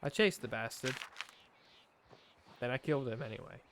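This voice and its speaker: A man putting on a gruff cowboy drawl to read an outlaw's journal aloud. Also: sits high, wildly swooping pitch, normal speed, fairly bright tone, slight background noise, voice pushed up, heavily acted. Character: rough male frontier outlaw writing in his journal. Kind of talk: reading aloud in a put-on accent.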